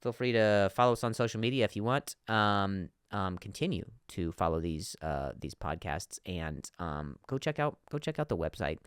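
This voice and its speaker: Comic male host, animated delivery, dry close sound, frequent word repeats and restarts. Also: sits low, moderate pace, hardly any pauses, smooth, dry recording. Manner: acts out quoted bosses and workers in shifting voices; repeats words and restarts often. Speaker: comedian podcast host. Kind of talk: comedic monologue.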